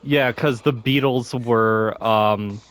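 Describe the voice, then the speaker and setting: A man chatting casually while gaming, rambling with lots of fillers and restarts, coughing and clearing his throat now and then. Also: mid-range voice, fairly even intonation, slow pace, a bit bright. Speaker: gaming channel host.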